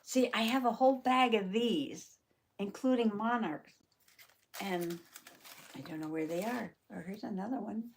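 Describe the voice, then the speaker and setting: A woman's voice: mid-range voice, a little slow, a little hiss or hum. A woman hosting a casual live journaling chat from her craft table, chatting to viewers by name and laughing often. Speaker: journaling channel host.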